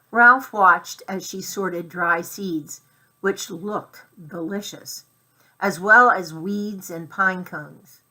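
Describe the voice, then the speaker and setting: A woman reading a children's chapter book aloud in clear storytelling style. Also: lowish voice, bright, forceful tone. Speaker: narrator.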